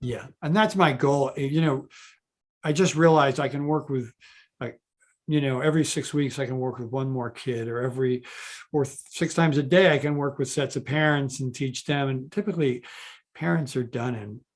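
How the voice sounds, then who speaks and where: Male guest, behavior specialist, animated storyteller, mid-range voice, video call interview. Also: medium pitch, moderate pace. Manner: animated, many restarts, quotes others in his own voice.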